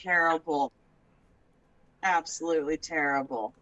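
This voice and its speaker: A woman's voice: sits low, unhurried, highs cut off, a crowd in the background. A woman hosting a podcast in casual chat, laughing often and swearing freely. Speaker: podcast host.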